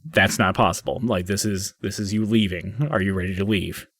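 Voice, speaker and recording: A man's voice: sits low, steady tone, moderate pace, fairly bright tone. A man voicing a polite but exasperated male gatekeeper of souls with a clipped, dry way of speaking. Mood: weary, dry. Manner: clipped and dry, patient on the surface.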